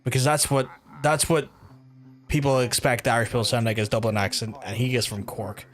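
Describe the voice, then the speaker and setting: A man's voice: medium pitch, steady tone, fairly quick, soft background music. A man streaming a video game, chatting casually and swearing often while he talks over the play. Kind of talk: casual gameplay commentary.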